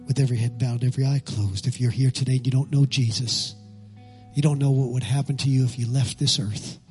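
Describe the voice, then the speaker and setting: A male pastor preaches with passion in a church sanctuary, leading his congregation in call-and-response before moving into prayer. His mid-range voice is husky and darkish, with a steady tone and a brisk pace. Soft music plays in the background.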